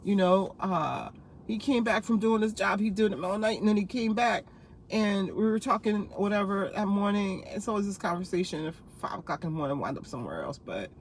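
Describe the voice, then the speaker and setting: Woman, 50s, from New Jersey; casual vlogger, rambling anecdotes, quick laughs, lots of asides. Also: medium pitch, animated, slight background noise. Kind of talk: casual storytelling to camera.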